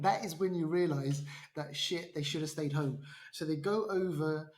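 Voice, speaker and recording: Unhurried, with a voice on the high side, this podcast co-host casually walks through a film's plot for a review chat. He's an animated storyteller who performs the quotes and restarts frequently.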